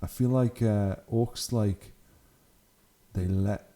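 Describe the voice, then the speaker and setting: A man's voice: lowish voice, steady tone, slow pace, dark tone. A young man hosting his channel, giving casual, enthusiastic commentary on hobby photos and laughing often. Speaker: channel host.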